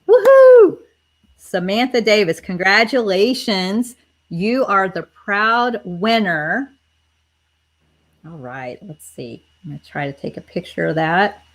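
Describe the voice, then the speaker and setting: A woman's voice: on the low side, a bit bright. A woman hosting a live online stream, chatting casually and speaking directly to her viewers as she runs a giveaway. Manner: chatty, addresses viewers directly, spells things out. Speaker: livestream host running a giveaway.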